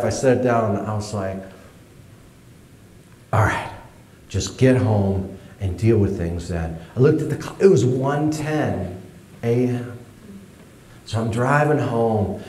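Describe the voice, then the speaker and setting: Guy telling a funny personal story, lively pitch jumps, mid voice, echoey room. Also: a little hiss or hum. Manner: animated, jumps high in pitch for his younger self. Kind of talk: personal story told to an audience.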